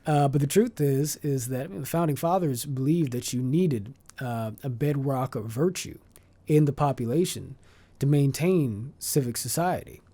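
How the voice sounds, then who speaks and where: A man speaking as a podcast guest, measured and articulate in long flowing sentences, now and then restarting a phrase as he searches for words. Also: medium pitch, mellow, husky. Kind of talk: conversational interview.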